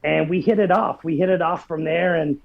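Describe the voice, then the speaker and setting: Man, forties, gravelly, earnest, heartfelt storytelling, dry sound. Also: fairly high pitch, steady tone, moderate pace, no echo, lo-fi sound. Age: 40s. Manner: earnest, heartfelt, many restarts. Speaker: podcast guest. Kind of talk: personal storytelling.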